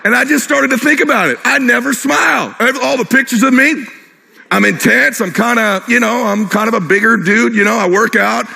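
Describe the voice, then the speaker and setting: A man giving an energetic, punchy motivational talk to a live audience, talking fast and joking with the crowd. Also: extremely high pitch, gravelly, slight background noise. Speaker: keynote speaker. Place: large hall with live audience. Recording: long reverb of a big hall.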